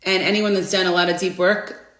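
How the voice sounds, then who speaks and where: A woman in her forties hosting a live inspirational stream, chatting casually and greeting viewers by name with bursts of excitement. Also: lowish voice, fairly quick. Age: 40s. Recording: roomy echo.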